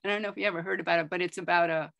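A woman's voice: lowish voice, fairly even intonation, very fast, vocal fry, fairly bright tone, no echo, highs cut off. A woman speaking as a guest on a video call, chatty and enthusiastic, rambling a little as she talks. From United States. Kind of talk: casual chat on a video call.

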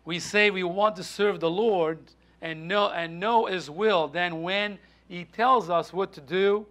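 A man preaching a sermon in a church, halting with frequent restarts and fillers. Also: high-pitched, fairly bright tone. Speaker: pastor. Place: church sanctuary.

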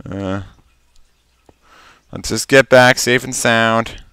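A man's voice: medium pitch, steady tone, slow, sharp tone, clean tone, dry recording. A man giving casual, rambling commentary while playing a game, talking to himself and stammering when surprised. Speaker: Let's Play commentator.

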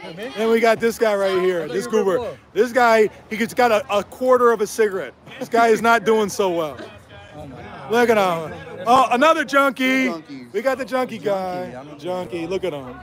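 Street protester heckling on a livestream: high-pitched man, taunting and repetitive, crowd noise all around. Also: expressive, normal speed, fairly bright tone. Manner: taunting, mocking, repetitive jeers. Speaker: protester filming a street confrontation. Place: city street at night outside a restaurant.

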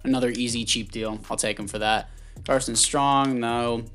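A man giving casual commentary on a football video game, chatty and thinking out loud, often stumbling over names and correcting himself. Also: medium pitch, steady tone, normal speed, soft background music. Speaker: gaming YouTuber.

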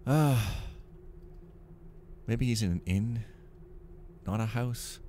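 A man's voice: mid-range voice, slow, mellow, a little hiss or hum. A man giving rambling, wry commentary as he plays a game, with mumbled asides to himself. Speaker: game streamer. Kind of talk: casual let's-play commentary. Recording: game music heard clearly behind. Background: game music.

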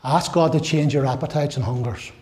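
A man's voice: fairly high pitch, brisk, a little mellow. A man preaching a sermon as pastor, impassioned, building to fervent repeated declarations and briefly acting out voices of God, Satan and his listeners.

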